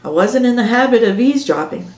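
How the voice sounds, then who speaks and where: A woman author narrating her own novel in a measured first-person storytelling manner. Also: on the high side, lively intonation, a little mellow. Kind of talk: audiobook narration on camera. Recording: roomy echo.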